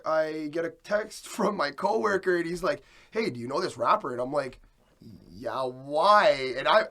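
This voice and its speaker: A man cohosting a casual podcast, with a voice a bit higher than most men. He tells rambling stories in a loose, easygoing way. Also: sharp tone.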